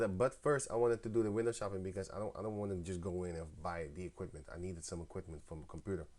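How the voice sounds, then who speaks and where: A man's voice: on the low side, darkish tone. A man ranting in a casual, profane, slangy story, acting out both sides of heated phone arguments, with a voice that drifts off-mic at times. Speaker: camp member telling a story.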